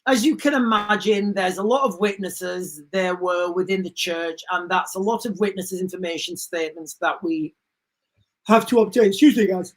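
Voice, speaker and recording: A woman's voice: fairly low pitch, normal speed, poor audio. A woman hosting a livestream, talking in an indignant, rambling way and often repeating herself. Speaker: livestream host. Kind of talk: casual livestream commentary.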